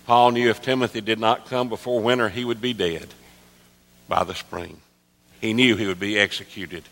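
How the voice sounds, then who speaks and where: A man in his sixties, a pastor, preaching an earnest sermon that drops soft and low, then rises to emphatic calls. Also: normal speed. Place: church sanctuary. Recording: long reverb of a large hall.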